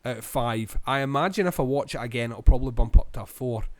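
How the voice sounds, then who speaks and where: A man's voice: medium pitch, fast talker, no echo. Rambling Scottish man reviewing a film. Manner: rambling, hesitant, full of ums. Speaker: podcast co-host, film reviewer. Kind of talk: casual film review chat.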